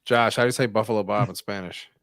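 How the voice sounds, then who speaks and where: A man's voice: steady tone, fast talker, a bit bright, no echo. A man co-hosting a casual livestream podcast, bantering with crude jokes. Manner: crude joking banter, swinging pitch. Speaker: podcast co-host.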